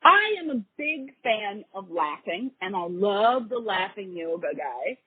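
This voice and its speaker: A woman's voice: medium pitch, big pitch swings, a little slow, breathy edge, dry recording. A woman hosting a call-in advice show, chatting casually and laughing easily as she answers questions. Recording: tinny phone-like dry line.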